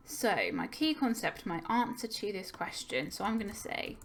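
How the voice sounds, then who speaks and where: A woman's voice: medium pitch, wildly swooping pitch, normal speed, hardly any pauses, slight background noise. Patient woman teacher explaining a poem. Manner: patient, explanatory, thinking aloud with fillers. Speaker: English teacher. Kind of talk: recorded lesson on poetry analysis.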